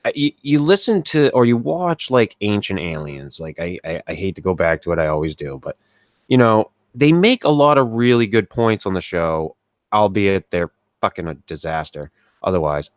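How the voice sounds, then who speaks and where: A man's voice: sits low, big pitch swings, moderate pace, no room sound, clean studio sound. A man co-hosting a casual podcast chat, rambling with frequent restarts and plenty of swearing. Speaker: podcast co-host.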